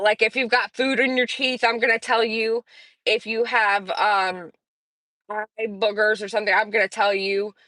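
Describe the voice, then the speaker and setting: A woman's voice: mid-range voice, bright, forceful tone, dry recording. Woman in her 40s as a chatty livestream host, sarcastic and rambling, dry close mic. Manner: blunt and sarcastic, rambling with fillers. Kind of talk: casual chat.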